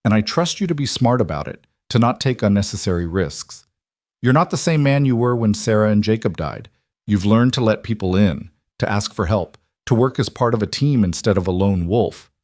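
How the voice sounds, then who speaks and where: A man lending his low voice to a gentle young wife on the frontier, earnest and tender, speaking softly in a western storybook tale. The recording is dry and close, with no room sound at all. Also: expressive, normal speed, dry recording, lightly acted.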